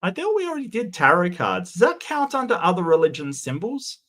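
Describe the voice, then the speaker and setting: A man's voice: sits high, huge pitch swings, brisk, fairly bright tone. A man giving sarcastic, mocking reaction commentary, often stumbling and restarting his sentences.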